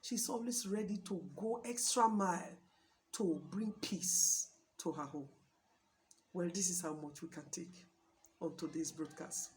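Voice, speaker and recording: A woman's voice: fairly low pitch, measured pace. Emphatic Nigerian woman advising on marriage. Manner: emphatic, preachy, repeats points. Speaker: host giving marriage advice. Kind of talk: talk show address.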